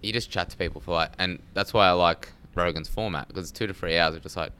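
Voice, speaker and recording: A man's voice: deep voice, fast, sharp tone, clear, resonant tone. A man chatting casually on a podcast, rambling, laughing and swearing often, on a studio mic. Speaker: podcast guest. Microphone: studio mic with headphones.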